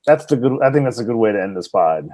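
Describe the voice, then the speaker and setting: A man's voice: medium pitch, animated, fast talker, dark tone, dry recording. A man co-hosting a casual podcast chat, laid-back and often laughing. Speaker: podcast co-host. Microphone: own mic at home, remote call.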